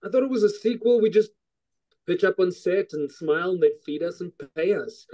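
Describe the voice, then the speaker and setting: A South African actor making dry, wry jokes in a video call interview. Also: male voice, high voice, animated, a little fast, warm tone. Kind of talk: casual interview chat.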